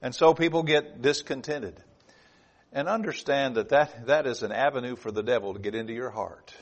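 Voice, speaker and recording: A man preaching a sermon, moving between loud emphasis and low, hushed asides. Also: moderate pace. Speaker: pastor.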